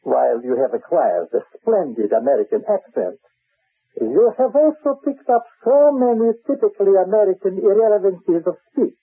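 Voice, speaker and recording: A man's voice: sits high, sing-song, moderate pace, husky, full character voice. An actor playing a cold, stern male spymaster in a 1970s radio drama, speaking in a clipped, menacing way. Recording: narrow, phone-like old radio broadcast.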